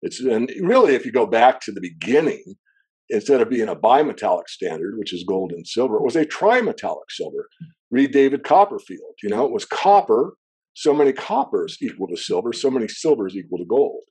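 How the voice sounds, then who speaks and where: A man as an interview guest, a metals analyst, explaining at length in a discursive way with frequent throat clearing. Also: medium pitch, sing-song, fairly quick, darkish tone. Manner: discursive, wanders into asides.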